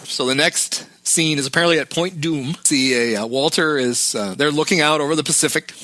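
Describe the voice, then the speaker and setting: A man's voice: a little high, a little fast, sharp tone. A man co-hosting a podcast, casually recapping a film scene by scene. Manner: recounting scenes, quoting lines. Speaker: podcast co-host.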